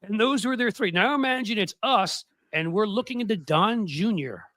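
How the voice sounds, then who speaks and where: A male podcast host with a bright, slightly raised voice talks politics sarcastically, laughing between phrases. The sound is dry and close, with no room around it. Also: high-pitched, lively intonation, normal speed, no room sound. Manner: sarcastic, laughs mid-sentence.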